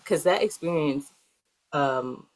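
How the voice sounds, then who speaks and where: A woman with a notably low, deep voice answers interview questions in a loose, wandering way. She is a young adult and fills her talk with plenty of "um" and "like". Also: expressive, takes it slowly, poor audio. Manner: rambling, filler-heavy. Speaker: guest, healer.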